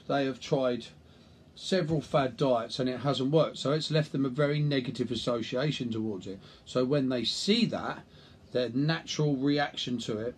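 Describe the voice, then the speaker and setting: A man's voice: medium pitch, a little mellow, slight background noise. A man, a nutrition coach, talking bluntly and casually to camera, with the odd swear word. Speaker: nutrition coach and personal trainer. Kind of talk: casual talking-head vlog.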